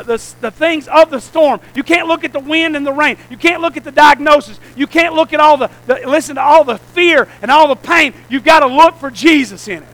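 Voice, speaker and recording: Pastor, man, preaching with rhetorical call-outs; notably high-pitched voice. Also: sharp tone, rough recording. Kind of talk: sermon.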